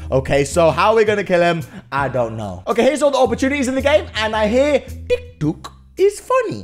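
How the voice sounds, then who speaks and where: A young man riffs through gameplay in a lively, joking way, swearing freely. His pitch jumps all over the place. Game music and sounds play loudly behind him. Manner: excitable, joking, swears a lot. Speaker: gaming YouTuber. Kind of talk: let's play commentary.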